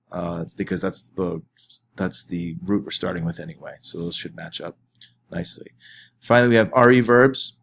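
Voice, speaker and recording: A man teaching his class in a recorded lesson, explaining step by step with small fillers and restarts. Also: on the low side. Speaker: French teacher.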